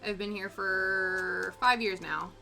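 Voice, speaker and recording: A woman's voice: medium pitch, steady tone, slow, gravelly. A young woman with an English Canadian accent, chatting casually with her stream chat while she crafts, laughing often. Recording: soft music under the voice. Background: quiet background music.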